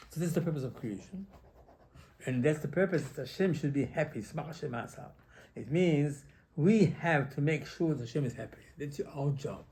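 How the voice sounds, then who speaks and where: A man, a rabbi, giving an animated Torah lesson in halting English with many repetitions. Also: a little high, a little hiss or hum. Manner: animated, repetitive, non-native English phrasing.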